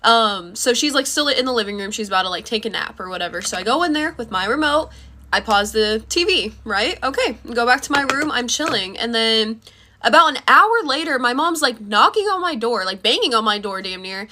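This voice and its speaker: A young woman talks straight to her phone in a loose, chatty storytime. Her voice is bright and sits a little high. She fills her talk with "like" and swears freely. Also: lively intonation, moderate pace. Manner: chatty, swearing, many fillers. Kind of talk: casual storytime vlog.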